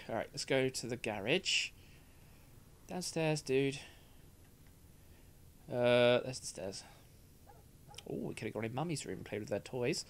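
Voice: medium pitch, lively intonation, unhurried, pauses often. A gaming streamer with a British accent, giving sweary, jumpy, chatty commentary over a game. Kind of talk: let's play commentary.

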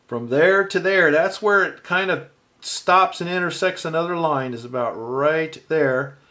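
Thinking aloud as he draws, the art teacher walks through each mark patiently and calmly. His voice is slightly higher, and the step-by-step lesson unfolds at a relaxed, unhurried pace.

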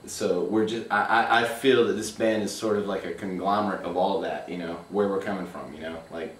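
Laid-back guitarist in an echoey venue. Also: male voice, low voice, fairly even intonation, fairly quick, a bit bright. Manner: laid-back, lots of "you know". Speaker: guitarist and vocalist. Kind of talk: casual band interview. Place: music venue. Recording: echoey room from far off, with ambient noise.

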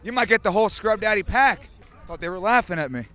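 A man works the crowd with a handheld mic in an open parking lot, cursing freely and pumping everyone up. His voice sits high and leaps all over the place as he fires off quiz questions. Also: animated, quick pace, no echo, faint music behind. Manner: loud, profane, hype-man energy. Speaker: street interviewer host. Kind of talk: hyped vox-pop interviewing. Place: outdoor stadium parking lot.

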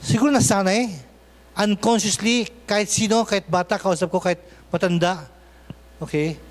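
A man's voice: sits high, fairly even intonation, moderate pace, in a large hall. A man with a Filipino accent preaching a sermon as pastor, often mixing in Tagalog and checking in with "okay?". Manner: switches between English and Tagalog, asks "okay?" often. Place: church.

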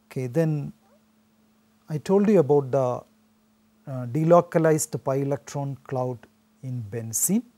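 Dark-toned chemistry lecturer. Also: male voice, mid-range voice, unhurried, pauses often. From India. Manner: steady explanatory delivery with frequent "so" restarts. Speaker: chemistry teacher. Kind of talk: recorded classroom lecture.

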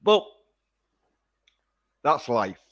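A man's voice: medium pitch, very animated, very slow, a bit bright. A man ranting profanely in a casual livestream. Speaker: vlogger.

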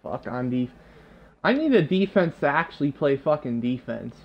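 A man's voice: medium pitch, lively intonation, moderate pace, lo-fi sound, slight background noise. A man ranting and swearing constantly while commentating his own football video game match. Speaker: gamer. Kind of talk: live gameplay commentary.

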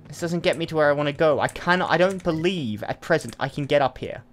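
A man's voice: on the high side, animated, quick pace, soft background music. A man hosting a let's play, giving chatty, casual commentary and thinking aloud with asides as he plays.

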